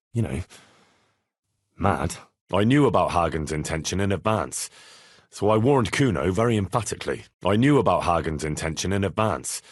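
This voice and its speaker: An actor playing an earnest, dutiful young squire in a medieval game, speaking plainly and deferentially in recorded dialogue lines. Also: male voice, on the low side, slightly rough, no room sound, studio quality. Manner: plain, sincere and deferential, with many lines read twice. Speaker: player character in a game. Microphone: close studio mic.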